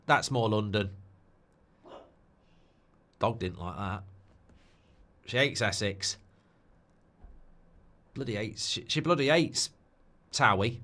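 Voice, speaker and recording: A man hosting a live football watchalong, chatting his way through the results. His pitch jumps around a lot as he throws in quick asides. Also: expressive, bright, forceful tone. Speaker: host.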